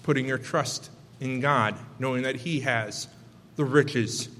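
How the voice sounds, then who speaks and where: A man's voice: mid-range voice, slow, fairly bright tone, slight background noise. Man preaching in an echoing hall. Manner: rhetorical questions, loose and off the cuff. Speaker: pastor. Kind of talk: sermon.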